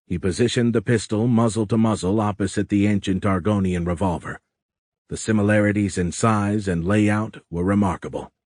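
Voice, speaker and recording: A male audiobook narrator reads a script in a low voice with a somewhat dark tone. The recording is dry and of studio quality.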